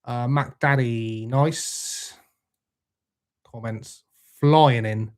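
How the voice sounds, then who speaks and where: A man's voice: medium pitch, drawn-out words, a little mellow. Laid-back man reading live chat. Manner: laid-back, swears freely, greets viewers by name. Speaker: livestream host reading chat.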